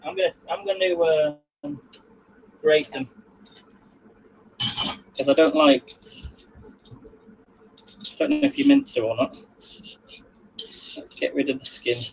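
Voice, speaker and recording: A man's voice: a little high, big pitch swings, takes it slowly, vocal fry, long pauses, background noise. A man hosting a casual live cooking stream from his home kitchen, chatting and rambling to viewers while he cooks. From England. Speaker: livestream cooking host. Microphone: phone on a selfie stick.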